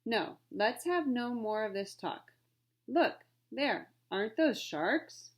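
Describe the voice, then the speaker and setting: Woman reading as a proper male butler, calm and formal. Storybook voice. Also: a little high, takes it slowly. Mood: composed. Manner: composed, formal speech.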